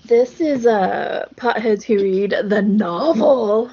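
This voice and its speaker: A woman co-hosting a podcast in casual chat, upbeat and quick to laugh along. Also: mid-range voice, mellow, muffled recording, slight background noise. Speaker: podcast co-host.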